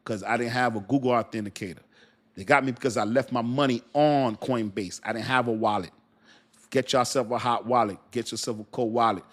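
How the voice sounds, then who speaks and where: A man hosting a casual crypto livestream, rambling in slangy talk with many fillers and speaking straight to his chat. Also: medium pitch.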